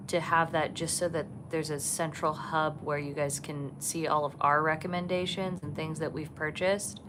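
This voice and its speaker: A woman hosting a casual livestream from a resort balcony, chatting softly and gushing over the animals she sees. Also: deep voice, noisy background. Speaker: vlog host. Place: resort balcony overlooking savanna, outdoors.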